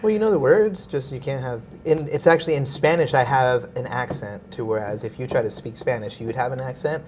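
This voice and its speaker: A man's voice: medium pitch, fairly quick, few pauses, slight background noise. Laid-back slangy man in casual chat. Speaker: podcast guest.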